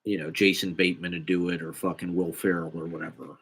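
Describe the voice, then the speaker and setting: A young man with a slightly low voice, talking casually in a rambling monologue. He swears freely and pokes fun at himself. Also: level tone, quick pace, vocal fry, fairly bright tone, husky. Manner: rambling, profane, self-deprecating.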